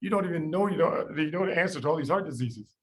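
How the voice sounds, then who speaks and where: A man tutoring medical students in a lively class, quizzing them by name and repeating the key points. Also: on the high side, quick pace, rough recording. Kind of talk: lively classroom teaching with drills.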